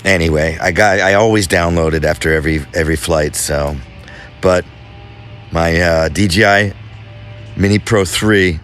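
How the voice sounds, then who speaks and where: A man vlogging outdoors on a mountainside, thinking aloud in a halting way with fillers. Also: low-pitched, a bit bright, soft background music. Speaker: travel vlogger host. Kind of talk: casual vlog narration.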